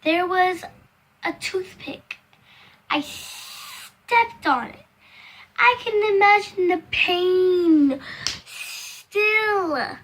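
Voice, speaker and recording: A young woman vlogger telling a storytime in casual, rambling chat, full of "like" and acting out the quoted voices in loud, high bursts. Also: drawn-out words, a little hiss or hum. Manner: rambling, filler-heavy storytelling with many "like"s.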